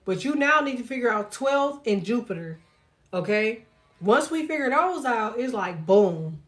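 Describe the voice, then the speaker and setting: A woman's voice: a little high, big pitch swings, unhurried, fairly bright tone, faint music behind. A woman tarot reader on a casual livestream who talks straight to her viewers, swears freely and laughs often as she jokes. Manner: profane, blunt and jokey, laughs often; talks to viewers directly, reads chat aloud.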